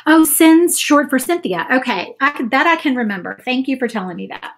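A woman's voice: sits high, animated, brisk. Chatty woman painting live. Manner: chatty, self-doubting, says "y'all" a lot. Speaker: craft livestream host. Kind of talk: casual painting livestream chat.

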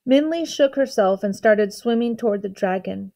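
A woman teacher narrating a storybook aloud at an unhurried, measured pace. Her voice sits somewhat high and stays steady and calm through the narration. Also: vocal fry.

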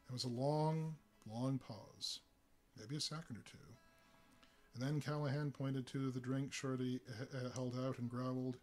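Casting: male story reader, mid-pitched and steady, faint guitar under. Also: moderate pace. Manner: steady storytelling with small fillers. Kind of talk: live story reading.

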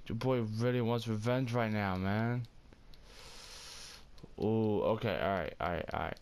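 A young man giving casual gameplay commentary, loud, excitable and cursing heavily, quick to get angry. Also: lowish voice, slight background noise. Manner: loud, excitable, heavy cursing, hot-tempered. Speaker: gaming streamer.

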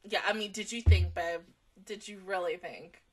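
A woman hosting an anime reaction video, talking expressively and swinging between laughing, near-crying and shouting. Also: medium pitch, moderate pace. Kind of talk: emotional anime reaction commentary.

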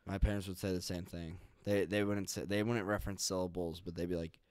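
A man's voice: deep voice, flat delivery, brisk, darkish tone, no echo, clean studio sound. A young man hosting a podcast, chatting casually in a laid-back, blunt way and swearing freely. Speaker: podcast host. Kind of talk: casual chat.

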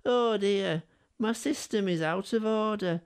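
A man's voice: sits high, a little slow, clean tone, pitched above the performer's own voice. A man voicing a big male steam engine who moans in self-pity. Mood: mournful. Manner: whiny, mournful.

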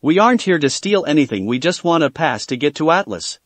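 A man voicing a young woman who pleads gently, read aloud from a fan story. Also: on the high side, very animated, brisk, no room sound. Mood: pleading.

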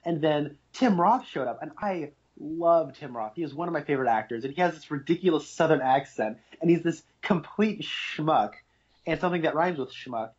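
A man's voice: on the high side, lively intonation, normal speed, darkish tone. A man co-hosting a podcast, talking eagerly and rambling with lots of fillers about a TV episode. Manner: enthusiastic, rambling with many fillers. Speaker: podcast co-host. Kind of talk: casual TV discussion chat. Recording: muffled lo-fi podcast audio.

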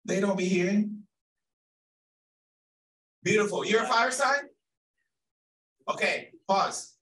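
A man leading a group activity at an event, energetic and playful as he calls out to the crowd. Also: high-pitched, takes it slowly, distant mic, rough recording. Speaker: workshop facilitator. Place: large event hall.

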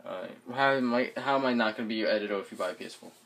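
A man's voice: on the low side, racing, gravelly, fairly bright tone, slight background noise. A young man vlogging casually on a family trip, joking and teasing in easy banter.

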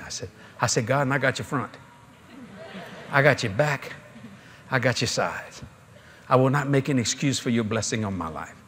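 A man's voice: medium pitch, a little hiss or hum. A middle-aged man, preaching a sermon in a folksy storytelling way at a large convention. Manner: folksy, animated storytelling with laughter.

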